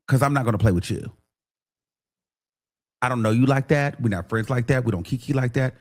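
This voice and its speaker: A man's voice: a little fast, pauses often. A man hosting a livestream, talking bluntly and animatedly to his viewers in casual commentary, sometimes mimicking others. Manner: blunt and animated, mimics people in higher voices. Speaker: livestream host.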